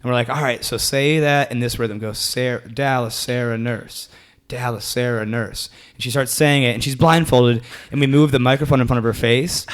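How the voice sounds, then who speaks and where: Young male comedian, rapid and rambling storyteller, casual interview guest. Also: mid-range voice. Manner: rambling, animated, lots of fillers and restarts.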